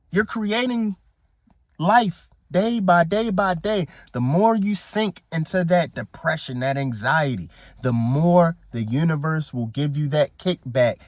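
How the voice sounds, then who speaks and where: A man with a fairly high voice delivers a motivational speech with emphatic, preachy force, repeating his key phrases and speaking in a loose, slangy way. The sound is close and dry, with no room echo. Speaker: motivational coach.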